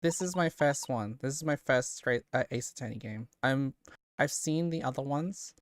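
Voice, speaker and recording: A woman's voice: extremely low pitch, moderate pace, no echo, studio quality. A woman streamer chatting casually and rambling with giggles while playing a game.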